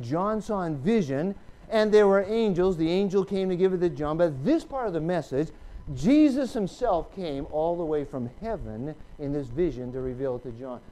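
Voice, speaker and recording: A man preaching a sermon, reading Bible verses aloud, asking the congregation questions and rising to loud, emphatic peaks. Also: high-pitched.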